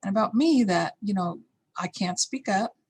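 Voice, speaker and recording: A woman's voice: medium pitch, moderate pace, breathy edge. A middle-aged woman teaching a course, telling a candid, reflective personal story and acting out the voices in it. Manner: candid, reflective, acts out yelled lines.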